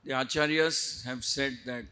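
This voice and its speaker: A man, a preacher giving an animated devotional storytelling lecture. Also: medium pitch, unhurried, clean tone.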